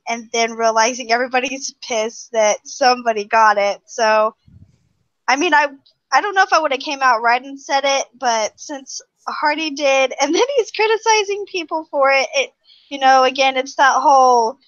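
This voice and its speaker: A woman's voice: sits high, normal speed, a bit bright, dry recording, lo-fi sound. A woman on a podcast panel, chatting casually and hesitantly with many fillers. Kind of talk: casual chat.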